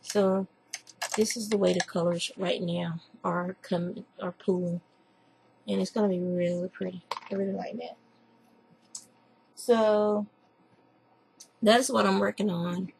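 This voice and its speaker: Gravelly Southern woman chatting casually. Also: medium pitch, fairly even intonation, a little slow, pauses often, a little mellow, a little hiss or hum, low-quality recording. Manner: rambling, chatty, reads lists aloud with asides. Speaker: craft podcast host. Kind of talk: casual chat. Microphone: computer webcam mic.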